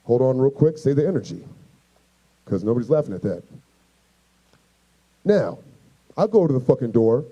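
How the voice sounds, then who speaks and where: A man's voice: mid-range voice, normal speed, pauses often, lo-fi sound. A male stand-up comedian from the United States telling a profane story, acting out voices. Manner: animated, profane, acts out voices.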